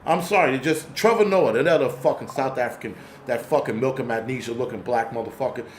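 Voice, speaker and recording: A man's voice: mid-range voice, fast talker, roomy sound, slight background noise. A man from the United States hosting his channel, giving an angry, profane, rambling livestream rant full of restarts. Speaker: host.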